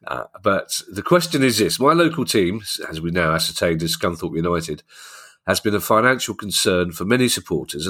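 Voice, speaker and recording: A man's voice: sits low, fairly bright tone. A man hosting a podcast, chatting casually and wryly reading out listener questions. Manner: wry, joking, reads listener questions. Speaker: podcast host. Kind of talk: casual chat.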